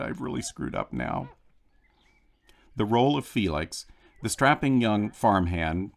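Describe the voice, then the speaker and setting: Man reading a film history commentary. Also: lowish voice. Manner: measured storytelling, lightly acting out quotes.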